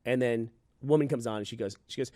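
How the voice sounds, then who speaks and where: A man's voice: mid-range voice, quick pace, dry recording, clean studio sound. A man hosting a podcast, telling a story casually and animatedly, swearing and acting out both sides of a phone call. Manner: animated, swears, acts out conversations. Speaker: podcast host.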